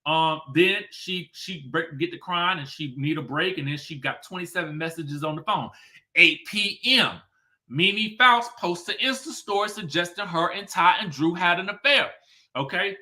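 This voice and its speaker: A male commentator recapping gossip in a loose, casual way, peppering his talk with "okay" and rapid rhetorical questions. His voice is bright and animated, rising and falling with lively intonation. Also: sits high.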